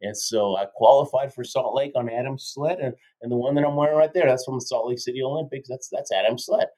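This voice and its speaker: Energetic storytelling man in his fifties. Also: mid-range voice, fast talker, poor audio. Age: 50s. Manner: energetic, keeps tagging lines with "right?". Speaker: guest, motivational speaker. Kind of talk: animated storytelling in a podcast interview.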